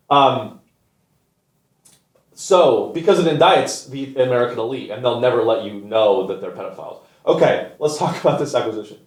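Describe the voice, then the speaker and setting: A man hosting a comedy show, delivering an exasperated, profane rant. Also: mid-range voice. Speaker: comedian host. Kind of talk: ranting comedic monologue. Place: studio. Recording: echoey new studio, botched audio.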